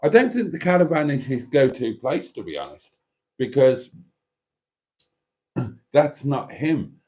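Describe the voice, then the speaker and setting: A man with a voice on the lower side hosts a relaxed livestream. He rambles casually, stumbling over restarts and filling gaps with ums. He talks in a chatty way while reading out viewer comments. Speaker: YouTube channel host.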